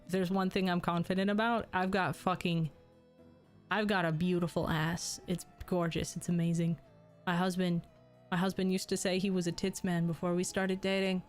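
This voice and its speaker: A woman's voice: fairly low pitch, flat delivery, normal speed, faint music behind. A young adult woman streamer telling crude jokes and stories in casual chat. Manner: crude, joking storytelling, laughs often.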